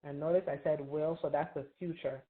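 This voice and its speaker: Low-voiced woman teaching over tinny line. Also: fairly even intonation, a little fast. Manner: patient, quizzes students, frequent "right?" checks. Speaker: Arabic teacher. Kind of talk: classroom review lesson. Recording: tinny phone-like online call.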